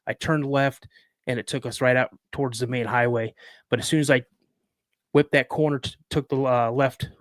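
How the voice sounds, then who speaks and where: A man's voice: medium pitch, fairly even intonation, moderate pace, no room sound, studio quality. A man in his fifties telling a personal story as a podcast guest, in a vivid, dramatic way. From United States. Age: 50s.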